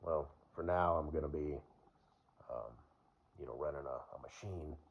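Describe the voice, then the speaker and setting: A man's voice: very deep voice, moderate pace, breathy edge. A man vlogging in a casual, rambling way, full of fillers and laughing at his own jokes. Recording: dull lo-fi recording.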